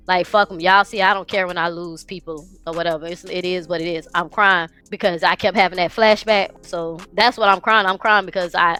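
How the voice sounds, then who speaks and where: A woman's voice: mid-range voice, sharp tone, clean tone. A woman streamer venting through tears, swearing heavily, speaking. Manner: crying, swearing, raw. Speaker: live streamer. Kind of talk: emotional livestream rant.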